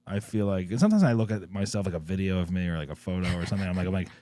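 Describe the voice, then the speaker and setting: A man's voice: sits low, expressive, racing, warm tone, no echo. A man hosting a casual interview podcast, rambling with lots of fillers and casual swearing. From New Jersey. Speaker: podcast host.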